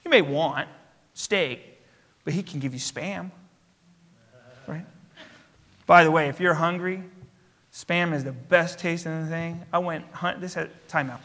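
A bright, high-pitched man preaches in a church, emphatic and rhythmic, stacking repeated phrases. His voice carries a long hall reverb. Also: a little slow, pauses often. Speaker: pastor. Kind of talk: sermon.

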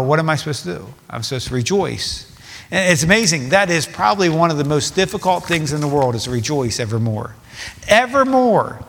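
A man's voice: on the high side, fairly bright tone, big-room sound. A man preaching a sermon in a conversational way, with frequent asides and self-corrections. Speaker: pastor.

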